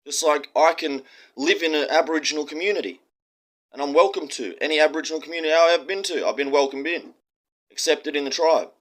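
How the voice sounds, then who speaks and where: Man, Australian accent, heated monologue, profane, emphatic, tense bright voice. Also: a little high. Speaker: commentator.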